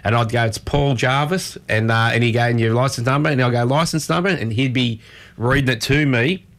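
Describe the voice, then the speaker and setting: An Australian man in his thirties, co-hosting a casual radio chat. He spins long, rambling stories, restarting his sentences as he goes. His voice sits at an ordinary middle pitch. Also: steady tone, fast talker, a bit bright. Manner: rambling anecdotes with many restarts. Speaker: radio co-host.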